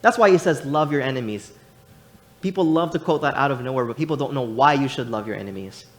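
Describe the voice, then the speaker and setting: A young man preaching a sermon in a church, animated and rambling, with many restarts and casual fillers. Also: mid-range voice, quick pace.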